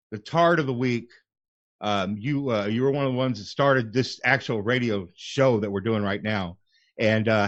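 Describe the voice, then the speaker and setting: A man's voice: mid-range voice, a bit bright, no room sound. A man hosts a call-in radio show in a loose, casual way, full of fillers and swearing. The sound is dry and a little dull, with no room around it. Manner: laid-back, swears freely, lots of fillers.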